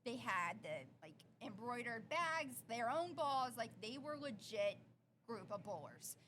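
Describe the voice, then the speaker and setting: A woman's voice: fairly high pitch, a little slow, slight background noise. A young adult woman co-hosting a podcast, telling a story in casual chat and acting out the quotes. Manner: animated, acts out quotes. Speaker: podcast co-host.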